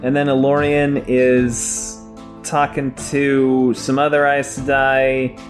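A man's voice: medium pitch, completely flat delivery, slow pace, faint music behind. A man hosting a casual chat, recapping book chapters and acting out quotes in put-on voices. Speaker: podcast host summarizing a book.

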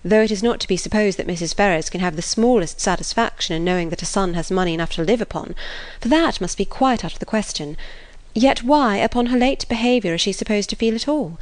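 A woman reading the part of a calm, sensible young woman who reasons firmly. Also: mid-range voice, natural voice. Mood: reasoning. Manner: calm, measured.

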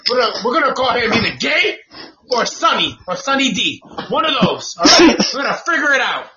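A man hosting a casual podcast, ranting loudly and profanely with lots of laughter and repetition. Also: very high voice, sing-song, brisk. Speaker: podcast host. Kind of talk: casual comedic rant. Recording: dull lo-fi sound with noise.

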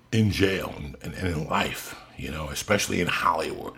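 A man's voice: a bass voice, moderate pace, hardly any pauses, a bit bright. A man telling a long story in casual podcast chat, blunt and profane. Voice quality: gravelly, raspy. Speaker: podcast host.

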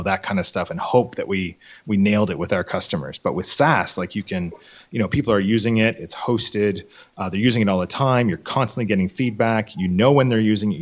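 A man, a software company CEO, talking casually as an interview guest, rambling with many fillers. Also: lowish voice, highs cut off.

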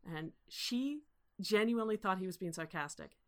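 A woman co-hosting a casual film discussion, talking in an animated way with restarts and laughs. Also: mid-range voice, moderate pace. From Canada. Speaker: podcast co-host.

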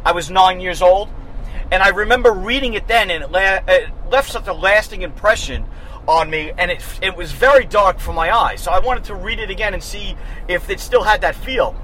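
A man in his thirties co-hosting a podcast, chatting with excited, quick banter while riding in a car. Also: high voice, slight background noise, rough recording. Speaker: podcast co-host. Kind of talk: casual chat. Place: inside a moving car.

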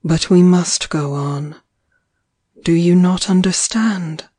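A woman reading the part of a devoted young man, speaking gently and soothingly to his beloved. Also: on the low side, slow pace, dry recording, studio quality. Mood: tender. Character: tender young man, devoted lover, calm.

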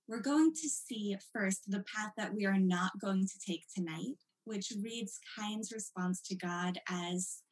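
A woman's voice: medium pitch, poor audio. A woman giving a lecture as a teacher, reading passages aloud and stressing key words with dramatic emphasis. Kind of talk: recorded lecture.

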